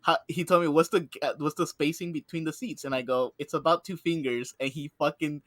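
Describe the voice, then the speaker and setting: A young man with a fairly high voice tells a story on a podcast, animated and swearing freely. He acts out the people in his tale. The sound is close and dry, with no room in it. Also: fairly quick, dry recording. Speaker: podcast co-host. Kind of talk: casual storytelling chat.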